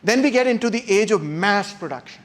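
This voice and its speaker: An animated man lecturing a class, his voice sitting fairly high for a man. He talks straight to the room without a microphone, acting out examples with strong emphasis. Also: fairly quick. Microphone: no microphone, unamplified voice.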